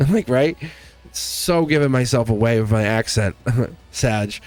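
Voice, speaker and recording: A man reads tarot in a loose, rambling way. His voice sits at an ordinary middle pitch, and he circles back on his own phrases while faint music plays behind him. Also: a little slow. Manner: rambling, repeats and restarts phrases, chuckles often. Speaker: tarot reader. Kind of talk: casual tarot reading to camera.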